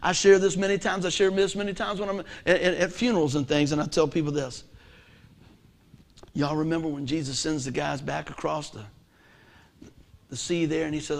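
A man with a high voice delivers a sermon. He fires questions at the congregation and pushes some lines hard. Then he drops others to a near hush. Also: fairly even intonation, moderate pace, creaky, long pauses. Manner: emphatic, asks the congregation questions; swings from loud to hushed. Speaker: preacher.

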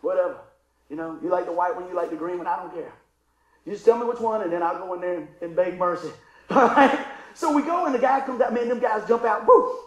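A man's voice: high-pitched, quick pace, reverberant, low-quality recording. A middle-aged man preaching a sermon, telling a funny story and calling for responses from the congregation. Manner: folksy, call-and-response, acts out story voices. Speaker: pastor.

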